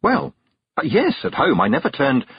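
A man's voice: mid-range voice, wildly swooping pitch, normal speed, breathy edge, no room sound, pitched above the performer's own voice, heavily acted. A man voicing an earnest, anxious young girl witch in an audiobook, hesitant in delivery. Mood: flustered. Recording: dull, dry narration recording.

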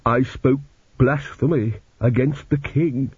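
A man's voice: mid-range voice, steady tone, darkish tone, breathy edge, no echo. A man playing a prim, self-righteous middle-aged prisoner. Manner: slow, virtuous and prim. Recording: dull lo-fi audiobook recording.

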